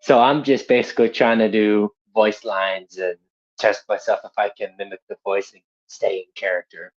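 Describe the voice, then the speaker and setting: On a live stream, a young man rambles casually and runs himself down about his amateur voice acting, laughing easily. His voice is fairly low, and the audio sounds dull and lo-fi.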